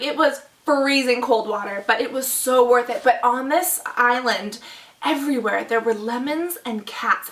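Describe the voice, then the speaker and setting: A woman's voice: a little high, a bit bright, roomy sound, distant mic. A young woman vlogger in casual chat, gushing and chatty with lots of likes and oh-my-gods.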